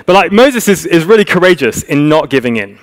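A man's voice: a little high, very animated, fairly quick. A man preaching a sermon, telling the story vividly and acting out the characters' lines.

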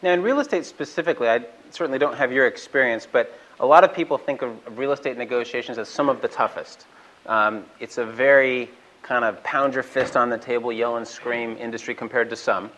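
A man's voice: medium pitch, steady tone, fairly quick, a bit bright, rough recording. A man in the interviewer's seat, setting up his questions with some background before asking them. His delivery is polite and conversational.

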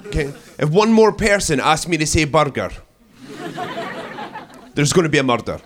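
A man's voice: sing-song, normal speed, very noisy. A young Scottish man doing a cheeky stand-up routine on a comedy club stage. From Scotland. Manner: cheeky, punchy delivery with shrill put-on women's voices.

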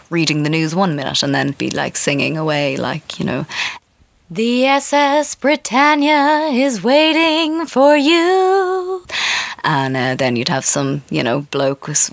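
A woman's voice: sits low, dry recording. A woman in her thirties with an Irish accent, hosting a casual solo podcast in a chatty, self-mocking way. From Ireland. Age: 30s. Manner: chatty and self-mocking, with many fillers and asides. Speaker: podcast host.

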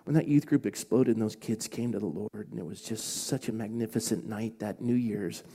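Middle-aged pastor, warm mellow voice, choked-up sermon that sinks into whispers. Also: male voice, fairly low pitch, normal speed. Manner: swings from loud to hushed whispers. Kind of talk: emotional sermon storytelling.

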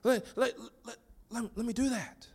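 A man's voice: very high voice, fairly even intonation, a little mellow, husky, voice pushed up, heavily acted. A man voicing God as a reassuring heavenly father who eagerly offers to take people's burdens. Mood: eager, coaxing. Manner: coaxing, repeating offers in quick bursts.

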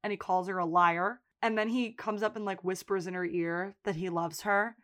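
Her voice on the low side and her pace moderate, a woman co-hosting a podcast casually recaps a TV episode. She narrates with lively energy, performing the characters' lines and laughing regularly.

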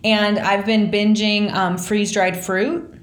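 A woman's voice: medium pitch, level tone, unhurried, roomy sound. A woman hosting a podcast in casual chat, talking loosely with lots of fillers and self-deprecating asides. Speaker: podcast host.

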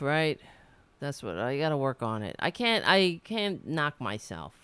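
A woman's voice: sits low, huge pitch swings, measured pace, a bit bright, clear, resonant tone, no echo. A woman from New York with a New York accent, hosting a political talk radio show, blunt and indignant, swearing freely and restarting her sentences.

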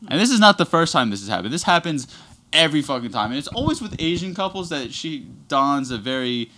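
A man's voice: fairly high pitch, big pitch swings, brisk, sharp tone, slight background noise. A young man telling a long, rambling story in casual podcast chat, swearing constantly.

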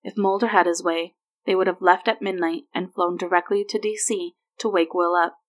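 A woman reading a piece of romantic fan fiction aloud in a steady, plain storytelling manner. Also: fairly low pitch, normal speed, poor audio. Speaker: reader.

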